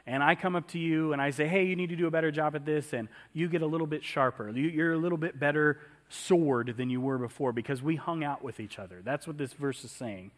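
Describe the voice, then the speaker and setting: A man's voice: on the high side, brisk, few pauses. A man preaching a conversational sermon in a church, often asking the congregation questions. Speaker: pastor.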